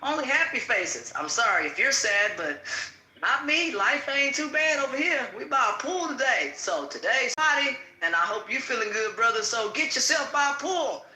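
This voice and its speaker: A man hosting a casual show, telling a story in an animated, laughing, colloquial way. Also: extremely high pitch, moderate pace. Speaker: host. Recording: echoey room.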